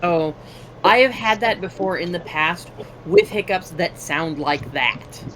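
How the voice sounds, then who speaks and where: A woman's voice: fairly low pitch, unhurried, a little hiss or hum, low-quality recording. A woman streaming as she draws, telling stories in a casual chat and acting out other people's voices. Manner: animated storyteller, acts out voices, swears casually. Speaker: art streamer.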